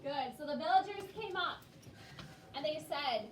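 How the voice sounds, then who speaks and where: An elementary school teacher with a high-pitched, expressive voice leads her class through a read-aloud at normal speed. She patiently prompts the children word by word, recorded by a distant mic in an echoey classroom with background noise.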